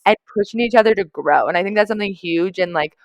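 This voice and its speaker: A woman's voice: medium pitch, fast, no echo. A young woman co-hosting a podcast, reflecting in long, run-on thoughts during a casual chat. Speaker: podcast co-host.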